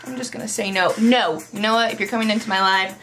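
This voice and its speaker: A woman's voice: mid-range voice, fairly even intonation, fast, fairly bright tone, faint music behind. Chatty young woman musing over makeup. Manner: rambling, reflective, heavy use of "like". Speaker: vlogger. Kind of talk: casual chat while doing makeup.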